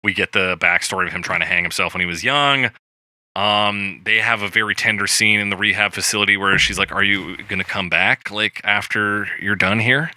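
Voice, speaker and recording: A man co-hosting a podcast, casually recapping a film with animated retellings and lots of swearing. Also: fairly low pitch, a little fast, dry recording. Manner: animated retelling, acts out quoted lines, swears freely. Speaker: podcast co-host.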